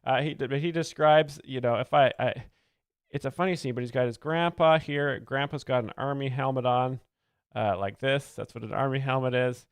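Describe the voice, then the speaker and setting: Deadpan man explaining jokes. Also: mid-range voice, normal speed, clean tone, no room sound. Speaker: comedy show host. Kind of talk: deadpan mock-expert commentary.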